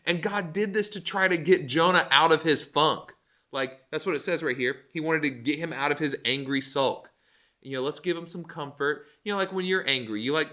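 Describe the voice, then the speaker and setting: A man giving a casual Bible lesson as a youth pastor, animated and joking, with lots of fillers. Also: mid-range voice.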